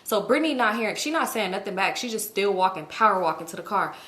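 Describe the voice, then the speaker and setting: A woman in her thirties telling a storytime to her viewers, casual and profane, her pitch jumping up as she gets worked up. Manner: profane, animated retelling with quick jumps up in pitch. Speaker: storytime vlogger. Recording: echoey room.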